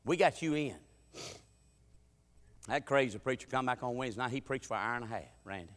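A man preaching a sermon with humorous stories, folksy and full of dialect, swinging from loud preaching to quiet asides. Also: mid-range voice, brisk. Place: church sanctuary. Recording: reverberant church sanctuary.

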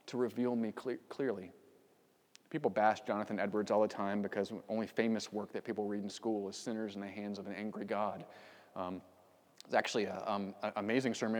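A man's voice: medium pitch, darkish tone, big-room sound. A man preaching a sermon as pastor, conversational with frequent fillers and sudden emphatic outbursts. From United States. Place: church sanctuary.

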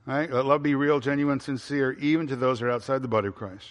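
In a large hall, a pastor preaches a sermon in a steady, ordinary mid-range voice, talking fast. He poses questions to the congregation and answers them himself, repeating key phrases for emphasis and using frequent fillers.

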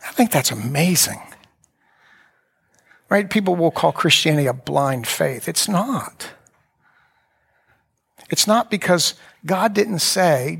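Gravelly-voiced man preaching a sermon. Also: fairly high pitch, expressive, slow, pauses often, fairly bright tone. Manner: conversational, with restarts and asides. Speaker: pastor.

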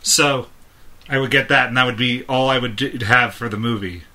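A man's voice: medium pitch, moderate pace, pushed and bright. A man in his thirties, a podcast co-host, telling a long rambling story in casual chat and chuckling often.

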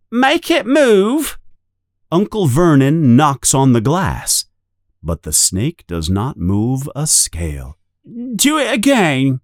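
A man reads a children's story aloud at an unhurried pace, his pitch rising and falling with the tale. His voice sits on the low side and is recorded close and dry. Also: no room sound. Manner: slow, lively storytelling. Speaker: narrator. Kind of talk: slow storybook read-aloud.

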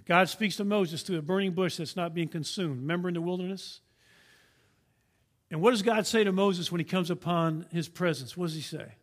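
A man's voice: high-pitched, brisk. A man preaching a sermon, emphatic and asking his listeners questions as he teaches. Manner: emphatic, asks the congregation questions. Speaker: pastor.

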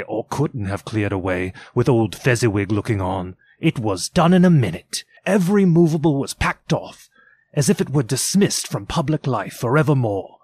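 A man reading a classic story aloud in an expressive, theatrical storytelling manner. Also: mid-range voice, moderate pace, slightly rough, no echo. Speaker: narrator. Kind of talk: dramatic audiobook reading.

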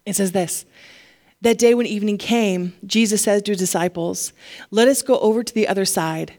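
A woman pastor preaching a sermon, animated and laughing often, getting emotional at times. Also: medium pitch, normal speed.

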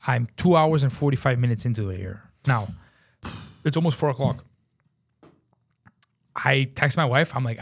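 A man telling a story in casual chat, animated, swearing a lot and saying "bro", acting out his own shouting. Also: mid-range voice, moderate pace, vocal fry, long pauses. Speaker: podcast host.

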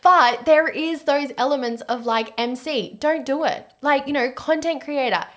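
Woman, Australian accent, slightly high voice, casual podcast chat, lots of fillers, laughs often. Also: moderate pace. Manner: chatty, laughs often, many 'like' fillers. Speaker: wedding podcast host.

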